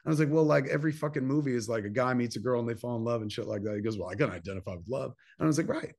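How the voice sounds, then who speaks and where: A gravelly, mid-range voice races along very fast as this New Jersey filmmaker in his fifties relates a long personal story in a casual interview. He swears liberally and breaks into animated bursts when acting out what people said.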